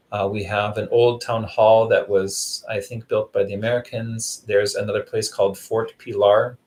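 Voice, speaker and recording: A man's voice: fairly low pitch, a little mellow, low-quality recording. A man chatting casually on a live vlog stream, rambling through stories and answering viewers by name. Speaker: vlogger doing a live stream. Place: Zamboanga City.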